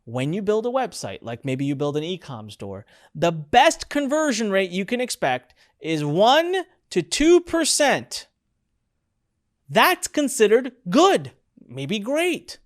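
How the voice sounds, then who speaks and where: Excitable middle-aged webinar instructor. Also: mid-range voice, slow. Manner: excitable and emphatic, repeats key lines; chatty asides, fillers. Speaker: online course instructor. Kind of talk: live webinar presentation.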